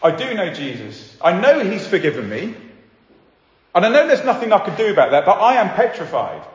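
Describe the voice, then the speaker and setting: A man's voice: high-pitched, sing-song, a little fast, pitched above the performer's own voice. A man voicing a frightened airplane passenger in a sermon story, speaking anxiously and hesitantly. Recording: echoey hall, slightly dull sound.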